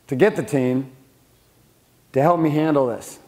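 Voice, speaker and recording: Blunt, profane middle-aged man, slightly high. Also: measured pace, dark tone. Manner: blunt, swears freely, asks the room questions. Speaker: speaker teaching a room of men. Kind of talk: profane motivational business talk. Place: room with a live audience.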